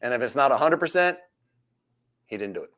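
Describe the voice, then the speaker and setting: Ex-cop guy hosting a live stream, animated, jumps up and down in pitch acting out scenes. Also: a little fast. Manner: animated, acts out street scenarios with voices. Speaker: host, former police officer. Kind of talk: casual live-stream chat.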